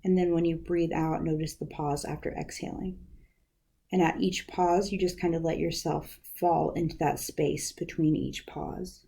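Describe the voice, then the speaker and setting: Young woman, university outreach specialist, casual guided lesson, lots of fillers, lowish voice. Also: normal speed, vocal fry, slightly rough. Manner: relaxed, uses many fillers like "um" and "like".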